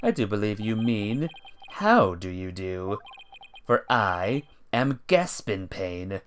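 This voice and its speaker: Man doing a pompous game prosecutor: deep, slow, drawn out. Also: very animated, a little hiss or hum. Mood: haughty. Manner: slow, haughty, drawn-out delivery. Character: pompous smug male prosecutor.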